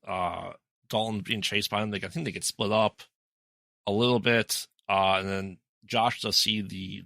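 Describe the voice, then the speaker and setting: Low, bright-voiced man recapping a movie. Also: dry recording. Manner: rambling plot retelling with many ums. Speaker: podcast co-host. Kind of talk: casual movie recap chat.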